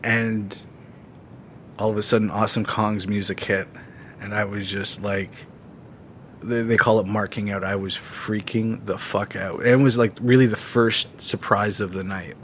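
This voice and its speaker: A man co-hosting a casual podcast chat, rambling with lots of fillers and swearing freely when excited. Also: on the low side, moderate pace, a little hiss or hum. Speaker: podcast co-host.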